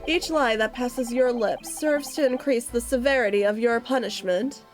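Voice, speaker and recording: A woman's voice: fairly high pitch, normal speed, faint music behind, lightly acted. A woman voicing a stern male prosecutor in a cold, commanding, formal tone.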